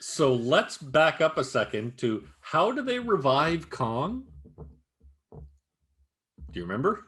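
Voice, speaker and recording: A slow-talking man with a slightly high voice co-hosts a casual podcast chat. He's animated, swears constantly, and acts out movie scenes while retelling them.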